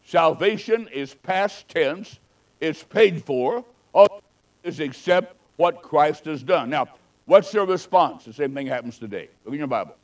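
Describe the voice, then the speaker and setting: A man preaching a sermon as an evangelist, fervently swinging between loud exhortation and hushed storytelling. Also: on the high side, rough recording.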